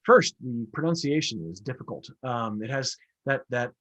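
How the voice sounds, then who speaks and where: A man's voice: mid-range voice, normal speed, a bit bright. A man, an astronomer, answering audience questions in a casual, conversational lecture with frequent fillers and restarts.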